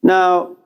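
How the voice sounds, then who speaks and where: A man's voice: a bit bright, low-quality recording. A man giving a classroom lecture, asking rhetorical questions and answering them himself, with an occasional chuckle.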